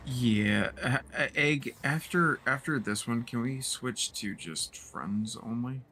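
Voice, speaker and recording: A man playing a video game as a teammate, chatting in an easygoing, halting way and restarting his sentences often. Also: mid-range voice, pushed and bright, soft background music. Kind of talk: casual gaming chat.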